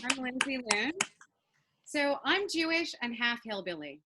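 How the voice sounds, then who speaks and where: A young woman performing a stand-up comedy set with punchy, deadpan delivery, laughing at her own jokes. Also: high voice, unhurried, very noisy.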